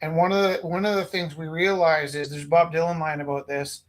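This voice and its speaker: High-pitched guy from canada, casual chat, tells stories with big acted-out quotes. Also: brisk. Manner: animated storyteller, acts out quotes loudly. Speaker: host.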